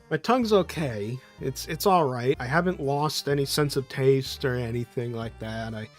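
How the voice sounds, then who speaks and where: Slow, easygoing man streaming and chatting, rambling with restarts, faint music behind him. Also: medium pitch. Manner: rambling, loose and profane, with laughs and restarts. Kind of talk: casual live-stream chat.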